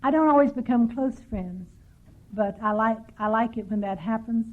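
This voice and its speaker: A woman's voice: on the high side, normal speed. An older woman from Texas speaking at a recovery workshop, telling stories with dry, self-mocking humor. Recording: tinny lo-fi 1990s tape.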